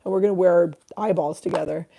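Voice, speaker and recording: A woman's voice: fairly low pitch, fairly even intonation, fast talker, vocal fry, dark tone. Rambling, foul-mouthed livestream host woman. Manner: rambling, swears freely, reads out chat comments. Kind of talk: casual livestream chat.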